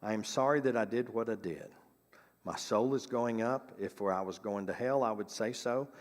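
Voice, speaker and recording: A man's voice: lowish voice, normal speed, big-room sound, lightly acted. A man reading as a condemned man pleading with his children. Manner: earnest, pleading farewell. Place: church sanctuary.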